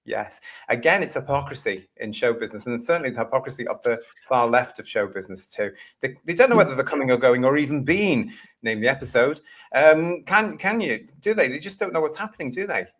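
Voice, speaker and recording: A man's voice: medium pitch, lively intonation, fairly quick, a bit bright. Man from the uk, live-stream host, reads viewer comments, exasperated, sarcastic. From United Kingdom.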